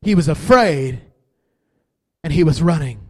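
Animated, high-voiced male preacher. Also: a little slow, husky. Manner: animated preaching, swinging from quiet to shouting. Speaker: pastor. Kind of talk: sermon.

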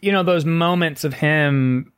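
A man co-hosting a casual film chat, speaking haltingly, with lots of fillers and restarts. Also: fairly high pitch, clean tone. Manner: hesitant, many fillers and restarts. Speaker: podcast co-host.

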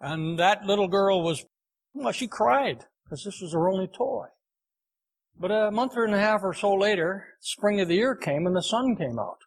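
A man preaching a sermon, telling a folksy farm story in an unhurried, homespun way. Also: sits high, expressive.

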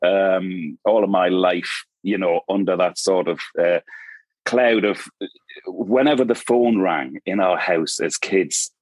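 Man, Geordie accent, middle-aged, very low voice, dry close sound, rambling casual chat. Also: takes it slowly, a little mellow, no echo. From Newcastle, northeast England. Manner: rambling storyteller, goes off on tangents. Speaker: podcast guest.

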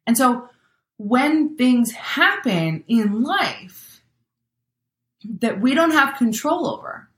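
A woman's voice: on the high side, very animated, takes it slowly, pauses often, fairly bright tone, reverberant. A woman giving a chatty motivational talk, acting out everyday scenarios with exclamations.

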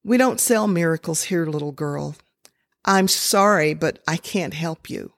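A woman's voice: deep voice, measured pace, dry recording, studio quality. Woman reading a brusque busy pharmacist. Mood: apologetic. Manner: brusque, dismissive. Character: curt, busy male pharmacist.

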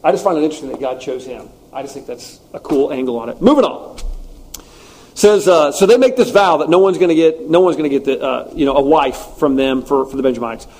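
A man preaching a sermon and teaching through a text, conversational with animated asides. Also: a little high, fast. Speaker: pastor.

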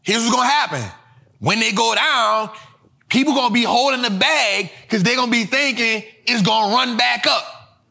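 A man hosting a street-style finance lesson, talking in slang, repeating his points emphatically and bursting into shouts. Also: extremely high pitch, normal speed, gravelly. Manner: emphatic and repetitive, drilling points home. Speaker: host.

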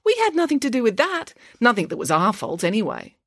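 A woman's voice: a little high, huge pitch swings, fairly quick, no echo, voice pushed up, heavily acted. A woman voicing a precise, know-it-all schoolgirl who speaks with cool politeness. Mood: coolly superior. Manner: prim, articulate, coolly polite.

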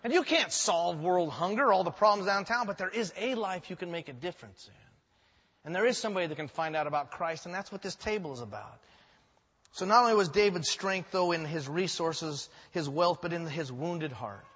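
A man's voice: sits high, lively intonation, a little fast, a bit bright, husky. A male pastor preaching a sermon, telling stories animatedly with joking asides. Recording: echoey hall, dull sound.

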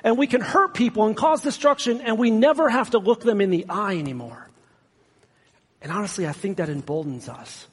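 Husky high-voiced pastor preaching in a hall. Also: male voice. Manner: self-deprecating, conversational with sarcastic asides. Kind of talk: sermon. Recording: long hall reverb.

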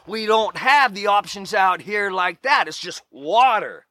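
A man's voice: sits high, lively intonation, unhurried, hardly any pauses, bright, forceful tone, no room sound. A middle-aged man giving an earnest, emphatic motivational talk about wilderness survival and self-improvement. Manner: earnest, emphatic, preachy with repeated exclamations.

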